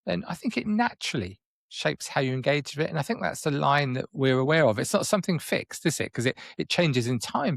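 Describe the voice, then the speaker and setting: A man's voice: fairly high pitch, vocal fry, no echo. A man co-hosting a podcast in casual chat, teasing his co-host with dry banter.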